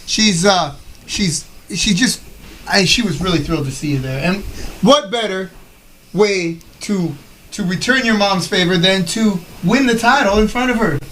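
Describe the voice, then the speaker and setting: A male interviewer on a small wrestling show, rambling and teasing his guest with plenty of fillers. His voice is high for a man, with a faint hiss of noise behind it. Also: a little slow, fairly bright tone, rough recording. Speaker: interviewer host.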